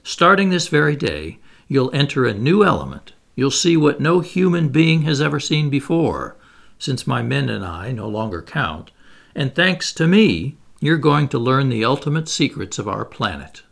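Man voicing a proud reclusive sea captain, cold, measured, gravelly, lively pitch. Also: exaggerated voice. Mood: commanding.

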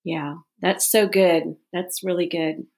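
A woman's voice: on the low side, flat delivery, takes it slowly, creaky, darkish tone. A woman hosting an interview, affirming and encouraging her guest in casual talk. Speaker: podcast host.

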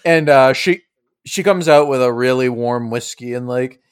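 A man's voice: medium pitch, normal speed, clean tone. A man in a casual, jokey manner, running a tabletop game as game master. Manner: jokey, laughs often.

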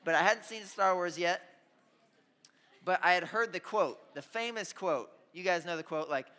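A young man preaching a youth sermon, telling stories with lively asides and calling out to the audience. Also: high-pitched, normal speed. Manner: energetic storytelling with audience call-outs. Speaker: youth pastor. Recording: hall reverb.

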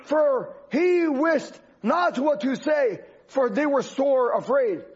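A man's voice: extremely high pitch, takes it slowly. A man preaching a sermon with an emphatic, repetitive cadence. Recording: dull lo-fi recording.

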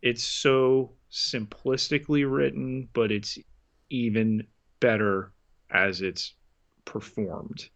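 A man co-hosting a podcast, recapping scenes in a measured, unhurried way. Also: mid-range voice, steady tone, fairly bright tone. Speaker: podcast co-host. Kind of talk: casual chat. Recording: dull lo-fi sound.

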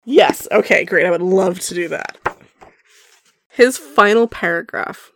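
A woman's voice: fairly low pitch, a little slow, pauses often, fairly bright tone, no room sound. Woman co-host, casual, mocking and profane, laughs easily, dry recording. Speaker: podcast co-host. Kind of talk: casual book-discussion chat.

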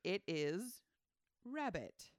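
A woman's voice: fairly low pitch, sing-song, drawn-out words, no room sound, clean studio sound. A woman co-hosting a podcast in casual chat, mostly chiming in with brief agreement. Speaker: podcast co-host.

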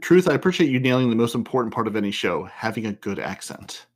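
A man's voice: on the low side, sing-song, quick pace. A man chatting playfully on a podcast, often stammering and restarting his sentences. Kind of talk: casual podcast chat.

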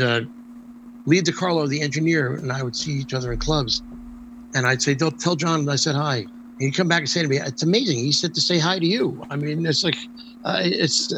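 Older male guest, slightly high voice, animated anecdote full of restarts, faint background hiss. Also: rough recording. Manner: lively storyteller with frequent restarts and ums. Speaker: interview guest, former stage performer. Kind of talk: storytelling anecdote in conversation.

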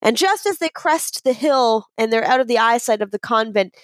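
Higher-voiced woman telling a joke. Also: normal speed, dry recording. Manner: playful, animated storyteller. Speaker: podcast co-host. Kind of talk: casual chat, telling a joke.

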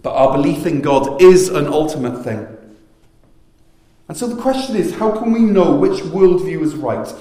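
Pastor preaching in an echoey room. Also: male voice, on the high side, expressive, normal speed, mellow. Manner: storytelling, earnest and explanatory. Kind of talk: sermon.

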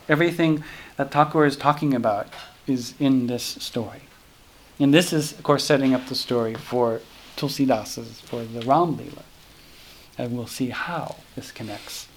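A man's voice: mid-range voice, a little hiss or hum. A man teaching a scripture class in a casual, rambling way, often breaking off and restarting. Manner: rambling, self-interrupting, many fillers.

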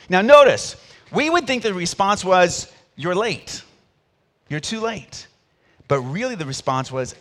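A middle-aged pastor preaching a sermon, with sharp rises and drops in volume and call-and-response with the congregation. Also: male voice, high-pitched, big pitch swings, normal speed.

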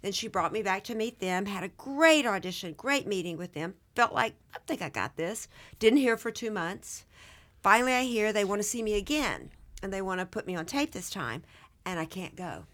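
Southern-accented actress telling stories. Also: female voice, medium pitch, normal speed. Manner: animated, self-deprecating anecdotes. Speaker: guest actress. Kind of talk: casual interview storytelling.

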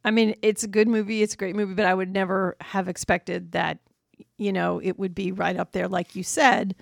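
A woman's voice: medium pitch, flat delivery, moderate pace, gravelly, no echo, studio quality. A woman co-hosting a podcast, chatting casually and easygoing about a movie. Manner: easygoing, backchannels and laughs along. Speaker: podcast co-host.

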